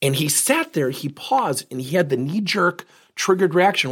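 A man hosting a coaching podcast, telling a client story in an animated way. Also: a little high, normal speed, slightly rough. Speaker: podcast host and business coach.

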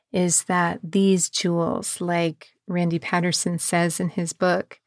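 A woman podcast host and embodiment coach, speaking in a calm, measured way and slowing down on key words. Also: lowish voice, no echo, clean studio sound. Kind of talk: podcast monologue.

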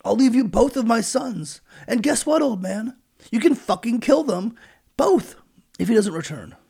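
A defiant elder brother pleads his case with cheeky bravado, pitched well up. A man plays him in a raspy, gravelly voice that leaps around. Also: lively intonation, unhurried, dark tone, full character voice. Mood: brash.

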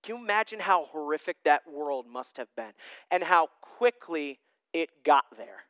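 A young man preaching a sermon as a pastor, conversational and self-deprecating, with lively asides. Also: fairly high pitch, normal speed, clean tone, dry recording.

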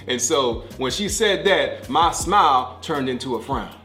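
Emphatic married preacher, roomy sound. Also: male voice, medium pitch, expressive, takes it slowly, sharp tone, faint music behind. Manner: conversational, emphatic, repeats key phrases. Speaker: pastor. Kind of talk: devotional podcast sermon.

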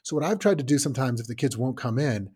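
A man's voice: medium pitch, quick pace, slightly rough. A man co-hosting a casual parenting podcast, talking loosely and swearing, often acting out what a parent and a kid would say. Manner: animated, swearing, acts out parent and kid lines. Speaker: podcast co-host.

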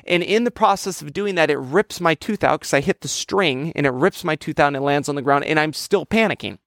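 A man preaching a sermon, telling a childhood story in a lively, conversational way. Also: a little high, fairly quick, vocal fry, no room sound, studio quality. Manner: storytelling, animated with childhood anecdotes. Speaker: pastor.

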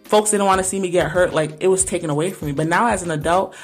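A woman's voice: fairly low pitch, quick pace, faint music behind. A young woman hosting a podcast and talking about her teaching in an earnest, conversational way, often saying "like" and "right?". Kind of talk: casual podcast monologue.

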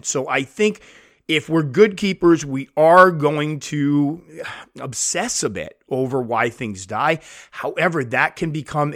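A man's voice: medium pitch, fairly bright tone, dry recording, clean studio sound. A man hosting his own podcast, talking casually and self-deprecatingly, sometimes acting out quoted voices, recorded on a podcast mic at home. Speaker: podcast host. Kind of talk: casual solo podcast talk.

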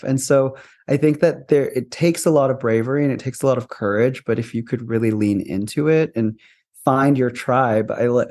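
A man's voice: medium pitch, moderate pace, a little mellow. Earnest spiritual male podcast guest. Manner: earnest, spiritual, laughs often, rambling restarts. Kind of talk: conversational interview.

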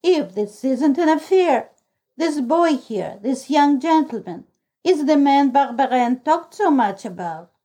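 A deaf old woman who keeps a shabby lodging house, full of sighs and exclamations, voiced by a woman reading the story aloud. She speaks slowly in a soft, mellow tone, pitched a touch high. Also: lively intonation. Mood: gossipy. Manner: exclaiming, throws up her hands. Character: deaf old female lodging-house keeper, gossipy and dramatic.

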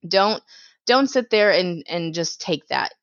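A woman's voice: on the low side, lively intonation, takes it slowly, dry recording. A woman hosting a podcast, giving blunt, preachy advice in a direct way. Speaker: podcast host. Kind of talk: advice monologue. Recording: dull, dry lo-fi sound.

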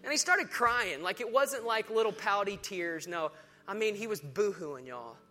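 A man preaching a sermon, swinging between hushed storytelling and rousing declarations. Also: high voice, expressive, moderate pace, soft background music. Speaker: pastor.

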